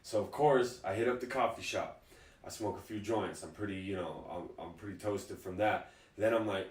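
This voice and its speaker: A man telling stories as a guest in a casual interview, relaxed and chuckling as he goes. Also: fairly low pitch, moderate pace. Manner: laid-back, chuckling storyteller. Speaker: guest, fighter. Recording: echoey room, distant mic.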